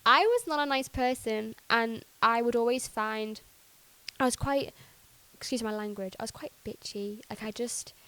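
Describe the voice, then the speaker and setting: Her voice on the high side and a bit bright, a young woman speaks at normal speed as a podcast guest relating her faith testimony. She's chatty, says "like" often, and acts out what she once said. The recording is dry and of poor quality.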